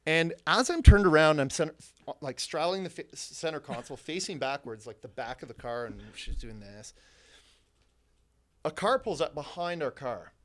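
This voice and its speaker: A young man as a podcast guest, telling a story in a profane, animated way and laughing often. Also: fairly high pitch, normal speed. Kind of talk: casual storytelling.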